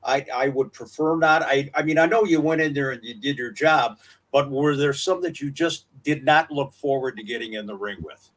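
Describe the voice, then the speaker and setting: A man's voice: mid-range voice, moderate pace, fairly bright tone. A man hosting a podcast, asking long, multi-part interview questions with ums and restarts. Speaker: podcast host. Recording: voice distant from the mic.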